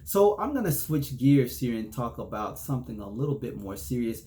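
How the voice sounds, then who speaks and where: A man's voice: mid-range voice, very animated, normal speed, mellow. A man hosting a solo podcast, chatting casually, chuckling between points and often checking in with "okay?". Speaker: podcast host.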